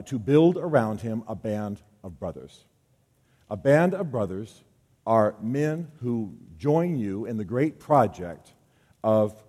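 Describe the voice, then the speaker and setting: Man, talk to a men's group, joking and conversational, mid-pitched, long hall echo. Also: a little mellow, breathy edge. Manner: conversational, joking, acts out quoted voices. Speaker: speaker at a men's gathering.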